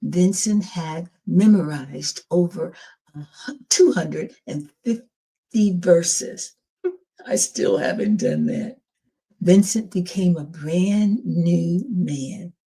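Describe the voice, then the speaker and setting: A woman's voice: lowish voice, animated, dark tone, breathy edge. An older woman hosting her show and telling a personal testimony in an earnest storytelling manner, acting out what others said. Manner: earnest, slow storytelling with acted quotes. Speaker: podcast host telling her own story.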